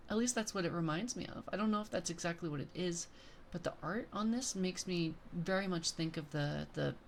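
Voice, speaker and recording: Young adult female streamer, low-ish gravelly voice, excitable rambling chat. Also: brisk, slight background noise. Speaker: VTuber streamer.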